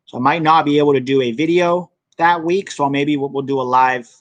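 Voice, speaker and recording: A man's voice: a little high, fairly quick, dry recording, lo-fi sound. Chatty young American man streaming. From United States. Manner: chatty, reading viewer comments aloud. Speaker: soccer channel host. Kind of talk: casual live stream chat.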